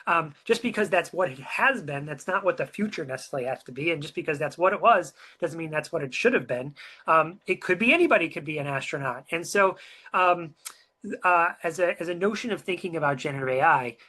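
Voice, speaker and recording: A webinar co-presenter telling a story in a casual, chatty way, filling pauses with um and uh and asking the listener questions. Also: mid-range voice. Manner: chatty and animated, many um and uh fillers, asks the listener questions.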